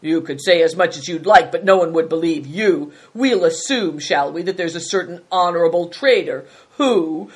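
A woman's voice: lowish voice, breathy edge. A woman voicing a hot-tempered male bandit chief who speaks in a sly, scornful, mocking way, reading from a storybook.

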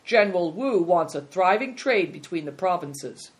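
Big Tiger, a steady, earnest boy, as a woman reads him. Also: on the low side, moderate pace, voice pushed up, natural voice. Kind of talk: storybook read-aloud.

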